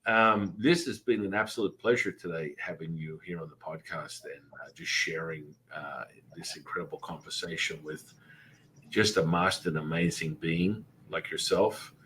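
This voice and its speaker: Rambling low-voiced male podcast host. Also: normal speed, a little hiss or hum. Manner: rambling, repeats words, many fillers; does animated voices when telling stories. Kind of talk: casual spiritual interview chat.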